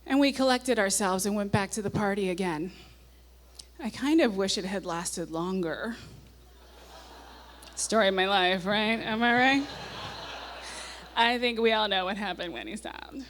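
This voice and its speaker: Woman, 40s, reading her teen diary out loud on stage, dry little asides then goes all in on the dramatic bits. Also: mid-range voice, unhurried, pauses often, slight background noise. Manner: wry asides, reads diary passages with mounting gusto. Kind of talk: live comic diary reading. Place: stage at a nightclub before an audience.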